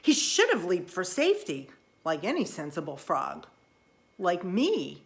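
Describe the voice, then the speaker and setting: A woman narrating a children's storybook in the first person, with expressive, lively delivery. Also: fairly low pitch, measured pace, gravelly. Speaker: audiobook reader.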